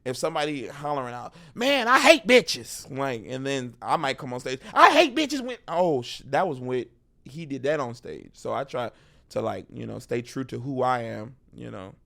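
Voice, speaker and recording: A man's voice: medium pitch, normal speed, creaky. A man, a stand-up comedian with a Texan accent, chatting casually as a podcast guest and acting out crowd voices as he tells stories. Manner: animated storyteller, acts out crowd voices. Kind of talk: casual interview chat.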